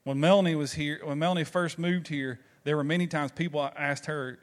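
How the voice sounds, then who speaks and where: A pastor with a Southern American drawl delivers a sermon in a relaxed, storytelling way. His voice sits a little high for a man, and he keeps asking the congregation rhetorical questions. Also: brisk. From Southern United States.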